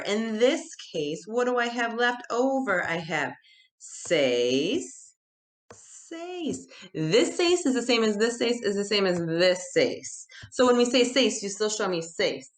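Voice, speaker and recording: Lively woman teaching kids, echoey room. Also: a little high. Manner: animated and encouraging, drawn-out counting. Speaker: Spanish teacher for children. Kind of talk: upbeat kids' video lesson.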